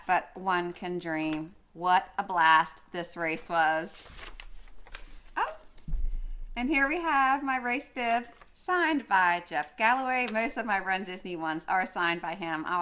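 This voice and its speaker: A woman's voice: medium pitch, bright, forceful tone, clean tone. A young woman vlogging in a casual, chatty way, gushing, with many fillers and restarts. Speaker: running vlogger. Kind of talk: casual chat.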